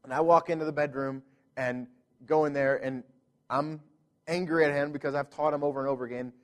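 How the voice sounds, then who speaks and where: A man's voice: a little high, steady tone, fairly quick. A man in his thirties, a pastor telling a family story in a sermon, earnest and full of restarts.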